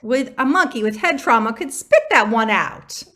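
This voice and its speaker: A woman's voice: a little high, expressive, normal speed, a bit bright. A woman playing a sarcastic female ghost of dropped lines in a stage play, taunting and theatrical.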